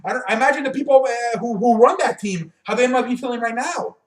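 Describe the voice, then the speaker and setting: A man's voice: very high voice, fast, roomy sound. A man hosting his own sports show, ranting bluntly and with plenty of profanity, stumbling and restarting as he runs out of breath. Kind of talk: casual sports rant to camera.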